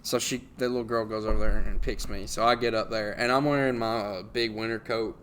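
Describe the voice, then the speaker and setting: A man's voice: lowish voice, steady tone, fairly quick, fairly bright tone, a little hiss or hum. A young adult man hosting a podcast, telling a story in casual chat and laughing often along the way. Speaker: podcast host.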